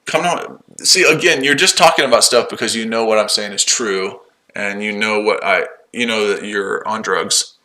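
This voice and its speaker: A man's voice: on the low side, moderate pace, few pauses, sharp tone, low-quality recording. A man hosting a live trading stream from his shed, firing sarcastic, profane comebacks at viewers in the chat. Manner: combative, sarcastic, swears, mocks the chat. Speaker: day-trading livestream host.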